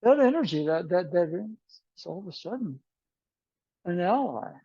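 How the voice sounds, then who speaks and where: A man teaching an aikido class in a relaxed, meandering way, telling stories and acting out the dialogue. The recording sounds dull and muffled. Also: sits high, measured pace, gravelly, breathy edge, no echo. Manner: meandering storyteller who acts out dialogue. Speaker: aikido instructor. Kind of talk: informal class talk with anecdotes. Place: martial arts class.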